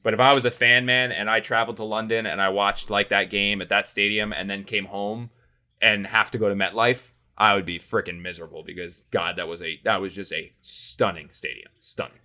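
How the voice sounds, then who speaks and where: A man with a bright, forceful voice pitched on the low side. He talks in a loose, rambling way on a casual sports podcast, stacking up fillers as the story runs on. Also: steady tone, brisk. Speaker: sports reporter, podcast co-host.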